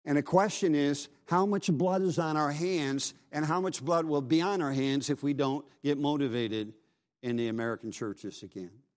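A man's voice: a little high, normal speed, darkish tone. A middle-aged man preaching a revival sermon with fervent urgency, repeating his phrases for weight.

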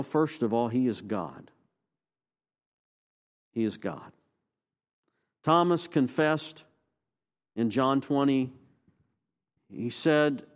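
Male pastor, unhurried sermon delivery, rhetorical questions, emphatic swells. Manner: call-and-response questions, emphatic rises and low drops.

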